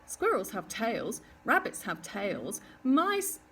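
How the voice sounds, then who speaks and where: A woman's voice: a little high, wildly swooping pitch, slow, fairly bright tone, a little hiss or hum, full character voice. A woman voicing a small, eager young male barn owl who asks many curious questions in a storybook reading. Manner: curious, easily huffy, chirpy questions. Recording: distant mic with faint ambience.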